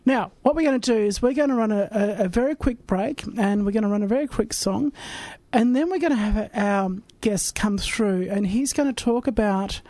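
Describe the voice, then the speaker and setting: A woman's voice: medium pitch, normal speed, mellow, no echo. An upbeat woman talking casually as a community radio co-host and moving between banter and announcements. The sound is close and dry, recorded in the studio. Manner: chatty and upbeat, reads station announcements. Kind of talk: casual chat.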